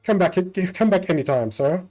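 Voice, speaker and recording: A man performs a courteous spectral train conductor from a spooky point-and-click game. He speaks a little higher and more projected than an everyday voice, dutiful and formal, sir in every breath. Faint game music sits behind him. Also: lively intonation, normal speed, a little mellow, low-quality recording. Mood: prim. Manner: formal, says sir constantly. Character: polite ghostly male train conductor.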